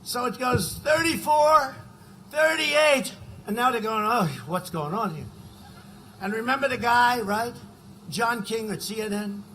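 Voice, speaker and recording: Bright high-pitched older man at a rally. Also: steady tone, a little slow, slight background noise, rough recording. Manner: rambling, conversational asides, sudden shouted lines. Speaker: political rally speaker. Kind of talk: campaign rally speech. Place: political rally.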